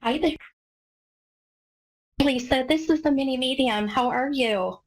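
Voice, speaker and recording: A woman's voice: sits high, a little slow, poor audio. An American woman hosting a live call-in psychic radio show, talking in an effusive, gushing way with many fillers. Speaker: radio psychic medium host.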